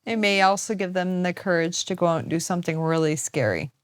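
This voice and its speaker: A woman's voice: on the low side, fairly quick, no echo. A woman hosting a casual interview, encouraging and chiming in with short remarks. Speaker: interview host.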